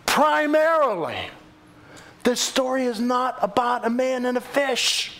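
Animated male preacher, high lively voice. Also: slow. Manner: animated storytelling preacher, acting out quoted voices. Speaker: pastor. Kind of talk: sermon.

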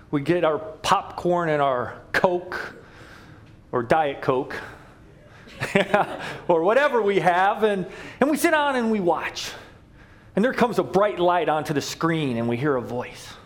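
A middle-aged male pastor preaching a sermon, telling stories with humor, asides and quick jokes. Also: sits high. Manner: animated storytelling with humor and asides.

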